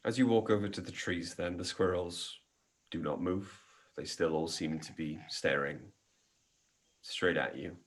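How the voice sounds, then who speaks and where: A man running a tabletop game as game master, describing scenes in measured narration with frequent ums. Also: low voice, fairly even intonation, rough recording.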